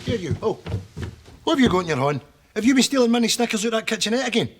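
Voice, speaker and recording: A blustering Scottish dad. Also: male voice, sits high, very animated, fast, background noise. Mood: scolding. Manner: scolding, blustering, melodramatic. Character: stern blustering working-class dad.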